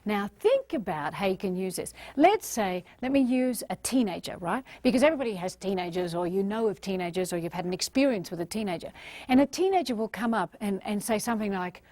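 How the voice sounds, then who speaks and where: A middle-aged woman with an Australian accent gives a motivational seminar talk in an animated, emphatic way. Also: medium pitch, fairly quick, no echo. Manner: animated, emphatic, acts out little scenes. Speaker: motivational speaker.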